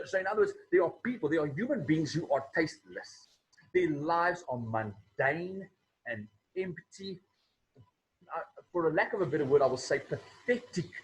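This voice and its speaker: A man's voice: fairly high pitch, breathy edge, low-quality recording. A man with a South African accent, preaching to young people in a conversational storytelling way.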